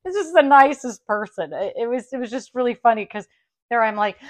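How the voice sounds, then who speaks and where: A middle-aged woman vlogging a clothing haul, telling stories in a warm, chatty way, laughing often and restarting her sentences. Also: fairly high pitch, animated, fairly quick. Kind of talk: casual chatty storytelling.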